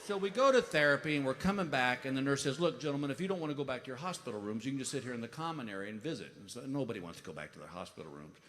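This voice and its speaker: A middle-aged man telling stand-up comedy stories, animated and acting out voices with big outbursts. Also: mid-range voice, very fast, hardly any pauses, long reverb tail. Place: comedy stage before a laughing audience. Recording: live show with clear audience noise.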